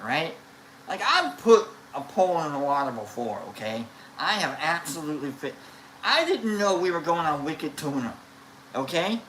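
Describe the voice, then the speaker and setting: A woman with a low voice tells a casual, rambling story on a livestream, stumbling over restarts and fillers. Her voice rings in an echoey room. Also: sing-song, normal speed, fairly bright tone, a little hiss or hum. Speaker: live streamer.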